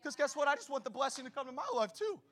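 High, bright-voiced energetic preacher man. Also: racing. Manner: energetic, preaching straight to the congregation; casual slang mixed into preaching. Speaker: pastor. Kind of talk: sermon.

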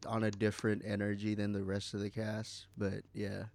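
A man's voice: on the low side, completely flat delivery, normal speed, gravelly, a little mellow. A man co-hosting a podcast in casual chat, rambling with many fillers and some swearing. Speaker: podcast co-host.

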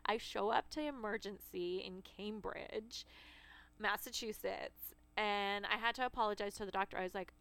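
Woman, thirties, smooth clear voice, chatty storyteller, dry close sound. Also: medium pitch, moderate pace, fairly bright tone, no echo. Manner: chatty storyteller, laughs often. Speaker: podcast co-host. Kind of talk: casual chat.

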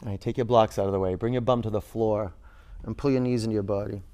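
A man teaching a yoga class in a studio, giving relaxed cues and talking loosely with fillers. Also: fairly low pitch, quick pace, clear, resonant tone.

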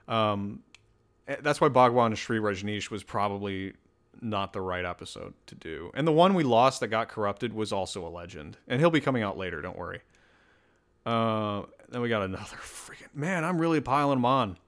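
A man hosts a podcast on his own, chatting casually in a rambling, self-deprecating way. His voice is on the low side and a bit bright, animated, and moves at a normal speed.

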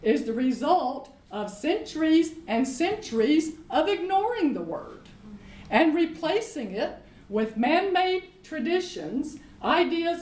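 A woman's voice: high voice, a little mellow, roomy sound, low-quality recording. A woman teaching from the Bible in an emphatic way, repeating her points and asking rhetorical questions. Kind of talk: teaching sermon in conversation.

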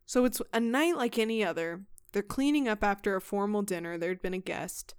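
A woman's voice: mid-range voice, brisk, clean tone. A woman hosting a comedy podcast, retelling a ghost story with lots of swearing and laughter. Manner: animated, swears a lot, laughs mid-sentence. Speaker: podcast host.

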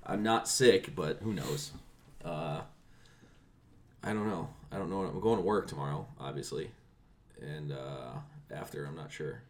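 A man with a sore, strained voice, mumbling through casual chat in a low-key way that trails off. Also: unhurried, a little mellow.

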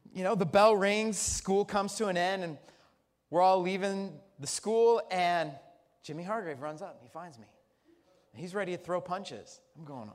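A man's voice: sits high, normal speed. A man preaching a sermon as pastor in a church, telling stories in a chatty, humorous way. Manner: lively, chatty storytelling with humor. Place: church sanctuary. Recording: long church reverb.

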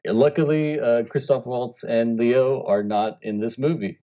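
A man co-hosting a podcast in relaxed banter, laughing often. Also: mid-range voice, measured pace. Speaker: podcast co-host. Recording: slightly dull lo-fi mic.

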